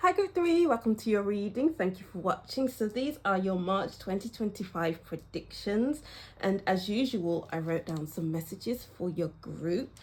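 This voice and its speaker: A woman reads tarot cards in a relaxed, encouraging voice, pausing to think aloud and repeating her affirmations. She speaks at an ordinary middle pitch, as a casual reading recorded at home. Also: breathy edge. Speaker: tarot reader.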